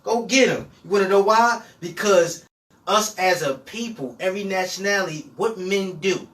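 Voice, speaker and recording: Emphatic, somewhat high-voiced man guest. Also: normal speed, a bit bright, recorded from a distance, rough recording. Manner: explaining, repetitive, emphatic. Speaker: podcast guest. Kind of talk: casual podcast chat.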